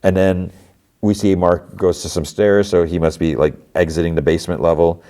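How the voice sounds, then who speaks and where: A man's voice: sits low, level tone, normal speed, warm tone. A man hosting a podcast, casually retelling TV episodes in a rambling way, full of fillers. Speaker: podcast host.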